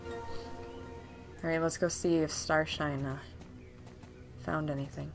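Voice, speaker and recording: A woman chatting excitedly while playing a video game. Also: low-pitched, slow, vocal fry, long pauses, soft background music. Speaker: gamer. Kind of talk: let's play commentary.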